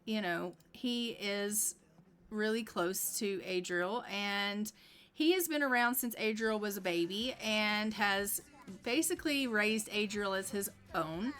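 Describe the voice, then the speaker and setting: A woman's voice: medium pitch, takes it slowly, a bit bright, clean tone. A woman streamer narrating a life-simulation game casually, chatty with many fillers.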